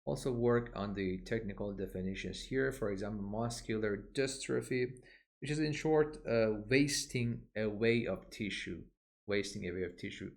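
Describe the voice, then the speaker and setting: A man teaching medical English from a textbook. He repeats terms slowly to model their pronunciation and often pauses with "uh" as he points to the page. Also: lowish voice, vocal fry. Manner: slow, deliberate, models pronunciation by repeating words; frequent "uh" fillers, points at the page. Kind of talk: textbook walkthrough lesson.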